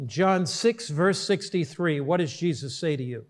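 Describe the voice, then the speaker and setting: A middle-aged male pastor preaching a sermon, telling stories earnestly and slowing down for emphasis. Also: a little high, expressive. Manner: earnest storytelling, slows for emphasis.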